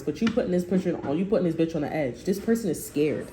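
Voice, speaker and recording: She reads tarot casually, bluntly and with swearing, voicing others' words in a raised tone. Her somewhat low voice moves quickly with hardly any pauses. Faint music plays in a roomy, noisy background.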